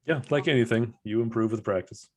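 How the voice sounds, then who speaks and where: A man who directs the story, chatting on a podcast in a measured, dry way. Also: mid-range voice. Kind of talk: casual group chat.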